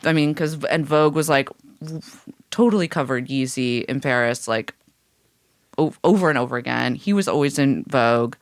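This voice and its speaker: A woman's voice: a bass voice, normal speed, no room sound, clean studio sound. A woman co-hosting a podcast, chatting casually and sardonically, swearing and reading from a document. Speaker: podcast co-host. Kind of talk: casual chat.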